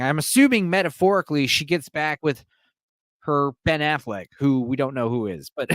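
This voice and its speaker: A man's voice: fairly high pitch, fairly bright tone, dry recording, studio quality. A man streaming alone, giving a casual, profane movie recap and laughing often.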